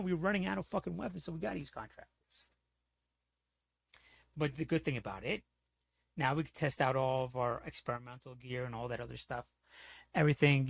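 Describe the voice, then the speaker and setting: Man, gravelly voice, dry close mic, heated profane livestream rant, rambling. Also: medium pitch, no room sound. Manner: heated, profane, rambling, repeats "you know what I'm saying". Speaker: streamer.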